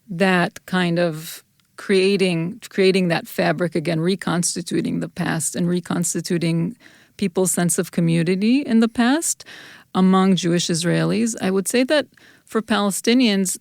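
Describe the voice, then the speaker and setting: A woman speaking as a guest scholar in a podcast interview, talking in a thoughtful, measured way with some restarts. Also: lowish voice, creaky, a little mellow, dry recording, studio quality. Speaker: guest scholar, folklorist and anthropologist.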